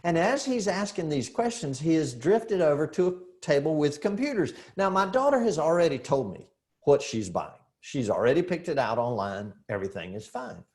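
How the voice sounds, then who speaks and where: A middle-aged man training real estate agents in a seminar, telling lively stories, acting out dialogue and putting rhetorical questions to the audience. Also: on the high side, moderate pace. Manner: animated storyteller who acts out dialogue and asks rhetorical questions.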